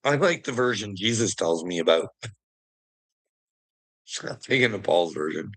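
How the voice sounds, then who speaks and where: A man's voice: on the low side, lively intonation, a little slow, a bit bright. A man ranting casually, profane and mocking, laughing often between lines. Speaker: online commentator. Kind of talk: casual rant.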